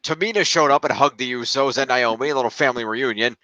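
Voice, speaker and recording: A man's voice: medium pitch, fast talker, pushed and bright, dry recording. A man co-hosting a casual podcast, rambling and tallying up points as he talks. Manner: rambling, counts points aloud, trails off while looking things up. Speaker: podcast co-host scoring a fantasy league. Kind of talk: casual chat.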